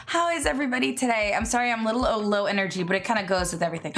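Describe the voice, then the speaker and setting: A woman's voice: medium pitch, racing, over music. A young woman streamer chatting casually and giggling as she greets her viewers by name. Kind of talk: casual live-stream chat.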